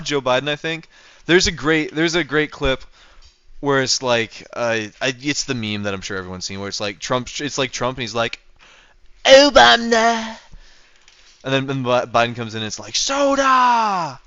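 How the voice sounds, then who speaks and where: A young man streaming a game, bantering with his chat in a bright, smooth voice. He jokes and teases as he answers viewers. The sound is dry and slightly dull, from a home mic. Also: medium pitch, no echo. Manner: joking, teasing, reacting to chat. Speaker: livestreamer. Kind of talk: casual livestream chat while playing.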